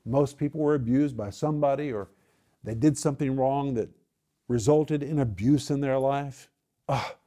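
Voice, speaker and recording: An older man preaching a Bible-teaching sermon in a mellow, relaxed tone. He speaks earnestly and emphatically, often falling to a quiet hush on key words. His voice sits a little high for a man.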